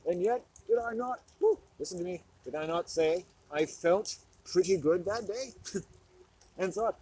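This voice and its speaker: A man's voice: high voice, expressive, moderate pace, gravelly, a little mellow, slightly rough, low-quality recording. A man alone in the woods, rambling through a comedic, self-mocking monologue. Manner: rambling, self-mocking, laughing between thoughts. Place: outdoors in a forest.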